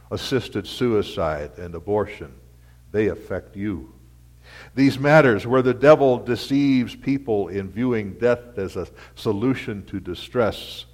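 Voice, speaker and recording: A man preaching a sermon as pastor, in a slow, dramatic delivery that builds to loud rhetorical peaks and sinks to quiet asides. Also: on the low side. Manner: repetitive, rhythmic preaching.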